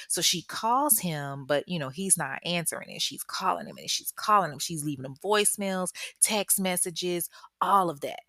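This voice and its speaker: A young woman, hosting a true-crime podcast, tells the story in casual, animated, joking talk and acts out the quotes. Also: no room sound, studio quality. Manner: animated and joking, acts out quotes with big pitch jumps, laughs often.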